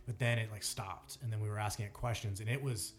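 A man's voice: fairly low pitch, fairly even intonation, fast. Rambling man telling a ghost story. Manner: rambling storyteller, lots of fillers. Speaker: podcast co-host. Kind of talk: casual chat.

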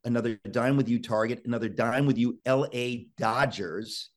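A man's voice: medium pitch, fairly even intonation, normal speed. A male talk show host urgently exhorting his listeners, often restarting words in a rush.

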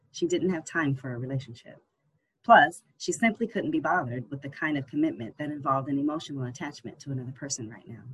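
Husky audiobook narrator. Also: mid-range voice, fairly bright tone, poor audio. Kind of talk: scripted narration.

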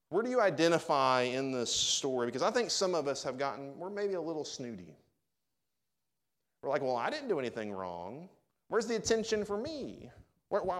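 A man pastor preaching a sermon, conversational and speaking directly to his congregation. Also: mid-range voice.

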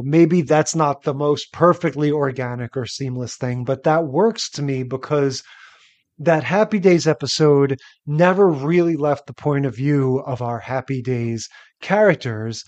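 A man co-hosting a TV podcast in casual chat, measured and analytical. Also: a little high, darkish tone, lo-fi sound. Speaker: podcast co-host.

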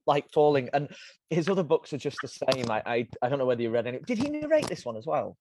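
Lively, laughing male podcast host. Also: mid-range voice, fast talker, noisy background. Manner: animated, laughing often, stumbling restarts. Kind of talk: casual podcast chat.

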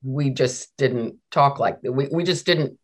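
A middle-aged woman, a law professor, telling stories in a conversational interview, animated and full of restarts. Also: a bass voice, takes it slowly, husky. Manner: animated, many restarts and repeated words.

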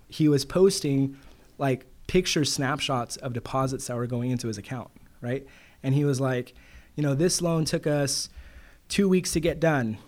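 Middle-aged man telling a story. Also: mid-range voice. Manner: animated storyteller quoting others with "he goes". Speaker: guest, loan broker. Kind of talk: casual interview storytelling.

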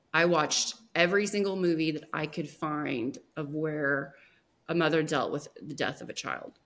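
A woman guest on a podcast, telling a personal story in a soft, emotional way with many pauses and restarts. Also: low-pitched.

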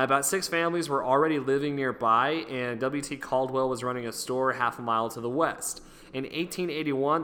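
A man's voice: mid-range voice, pushed and bright, slight background noise. A man co-hosting a podcast, reading history notes aloud in a loose, joking way with fillers and self-corrections. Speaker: podcast co-host.

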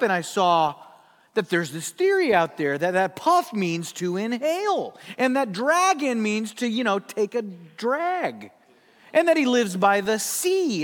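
A man's voice: high voice, a bit bright. A man in his fifties, a pastor telling a humorous story as he opens a sermon in a church sanctuary. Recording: long hall reverb.

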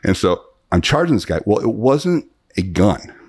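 A man in his fifties, a guest in a podcast interview, telling long animated anecdotes with many restarts. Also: on the low side, moderate pace, breathy edge. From United States. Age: 50s. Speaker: guest, self-defense author.

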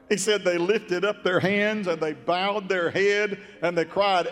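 A man preaching a sermon in a folksy, drawn-out, emphatic way. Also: sits high, steady tone, fairly bright tone, long reverb tail, soft background music. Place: church sanctuary.

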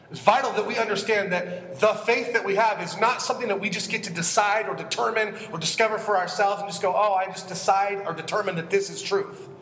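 A high-pitched, slightly bright male voice fills a church sanctuary as a pastor preaches an expository sermon. He's earnest and emphatic, regularly asking his listeners questions. The recording has slight background noise and a long, echoing reverb.

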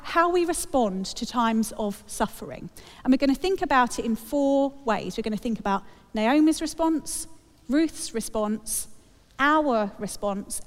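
Wry woman preaching in a hall. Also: a little high. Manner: chatty, wry humour. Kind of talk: sermon. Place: church.

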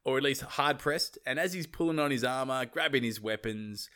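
A man's voice: medium pitch, normal speed, sharp tone, clean tone. A man casually retelling an old myth as a podcast host, swearing freely and laughing often. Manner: laid-back, swears freely, laughs often, does mocking voices. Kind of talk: casual chat.

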